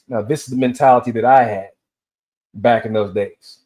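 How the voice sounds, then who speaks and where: A man's voice: medium pitch, fairly even intonation, moderate pace, a little mellow. A man in his fifties from Tennessee, rambling through a solo rant and telling loose stories that drift between tangents. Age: 50s. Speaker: vlogger.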